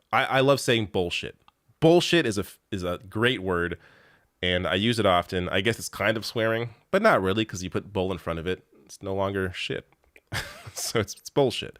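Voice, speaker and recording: A man's voice: deep voice, a bit bright, dry recording, clean studio sound. A man hosting a live show, chatting casually and reading viewer comments in a rambling way, laughing often and swearing freely.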